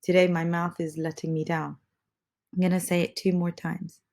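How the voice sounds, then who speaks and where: Woman, English teacher, under the weather; patient, repeats lines slowly, lower-pitched voice. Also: little pitch movement. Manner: patient, repeats phrases slowly and softly for learners. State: under the weather, slightly congested. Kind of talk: slow, clear English lesson with repeated phrases.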